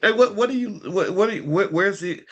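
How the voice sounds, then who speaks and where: In a lo-fi recording, a man with a high voice talks a little fast, commenting unscripted straight to his viewers. He's animated and rhetorical, heaping on pointed questions and restarting as he goes.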